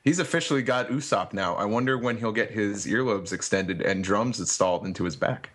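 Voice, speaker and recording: A man joking through casual podcast chat with quick, wry asides. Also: slight background noise. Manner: jokey, quick asides, very lively pitch. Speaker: podcast co-host.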